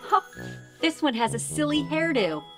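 Bubbly high-voiced woman teaching toddlers. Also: moderate pace. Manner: animated, exaggerated and sing-song, with big swings between loud and whispered. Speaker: children's show host and teacher. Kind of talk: teaching toddlers first words. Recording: music playing behind.

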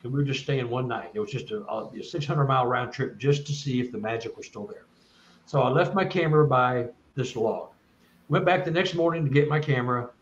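A man's voice: medium pitch, a little fast, reverberant, muffled recording, slight background noise. A man, a guest speaker, telling a long first-person story in an earnest, rambling way with many restarts.

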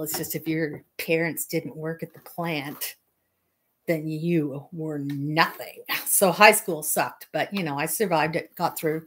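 A woman's voice: deep voice, a bit bright. A Canadian woman hosting a fiber arts livestream, chatting casually with viewers in a rambling way and laughing often. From Manitoba, Canada.

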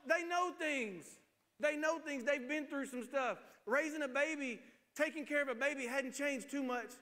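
A man's voice: very high voice, moderate pace, pushed and bright, big-room sound. A man in his forties, a pastor preaching a sermon with humorous storytelling. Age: 40s. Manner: humorous storytelling, acts out voices. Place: church sanctuary.

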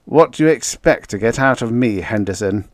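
A man's voice: medium pitch, expressive, normal speed, no room sound, studio quality, natural voice. A man doing a defiant one-armed ex-cop. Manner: defiant, then strained. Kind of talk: audiobook character voice.

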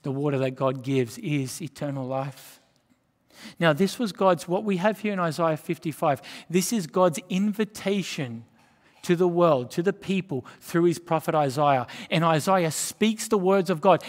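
Emphatic pastor preaching, echoing hall. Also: male voice, fairly high pitch, measured pace. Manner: emphatic preaching, rising to loud declarations. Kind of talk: sermon. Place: church hall. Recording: church hall with long reverb.

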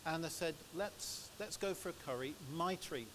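Give me an English preacher at a church microphone, sharing stories in a relaxed, anecdotal way. His voice sits a little high for a man. A steady hiss runs under the recording. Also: normal speed. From England. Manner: chatty, anecdotal storytelling. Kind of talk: sermon with personal stories.

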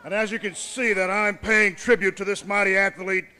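A man's voice: high-pitched, steady tone, normal speed, sharp tone, clear, resonant tone, some chatter behind. A middle-aged man acting as a wrestling manager in a promo, boastful, commanding and threatening.

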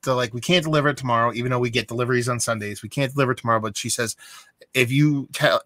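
Bright-voiced man ranting casually. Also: medium pitch, no echo. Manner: rambling, exasperated storytelling. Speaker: beer vlogger. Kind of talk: casual vlog rant.

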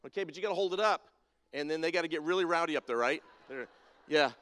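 Here a man's quick, fairly bright voice, pitched on the high side, echoes with the long reverb of a big hall. He is leading a playful segment for the congregation in a spotlit church sanctuary with a balcony, teasing people and naming them to come down.

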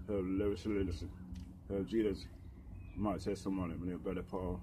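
A man giving a halting, rambling preaching testimony as a self-described preacher, full of fillers and repeated phrases. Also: low-pitched, little pitch movement, noisy background. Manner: halting, filler-heavy, repetitive. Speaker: street preacher.

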